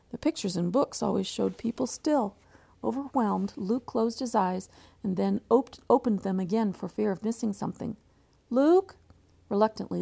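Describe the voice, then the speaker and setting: Lady teacher reading a chapter book out loud, lots of fry, warm low tone, trips over words sometimes. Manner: unpolished read-aloud with frequent slips and restarts. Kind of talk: reading a novel aloud.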